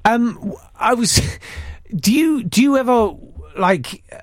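A man's voice: extremely high pitch, animated, slow pace, no echo, clean studio sound. A man hosting a casual radio chat, joking and rambling with lots of restarts. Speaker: radio host.

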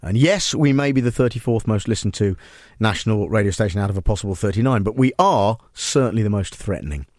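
A man hosting a satirical radio show, deadpan and mock-serious. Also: fairly low pitch, fast talker, no echo, studio quality. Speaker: radio host. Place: radio studio.

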